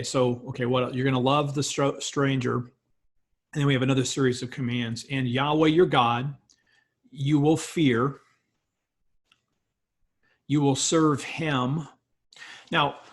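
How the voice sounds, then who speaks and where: A man lecturing as a biblical studies professor, slowly reading and explaining a Hebrew text word by word. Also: medium pitch, vocal fry, slightly rough. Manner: slow, thoughtful, pauses on words.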